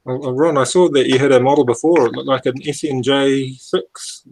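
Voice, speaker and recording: A man's voice: mid-range voice, fairly even intonation, normal speed, darkish tone, a little hiss or hum, rough recording. A man on a casual video call, asking questions and musing keenly about old planes. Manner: enthusiastic, asks questions, muses aloud. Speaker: guest on a hobby hangout.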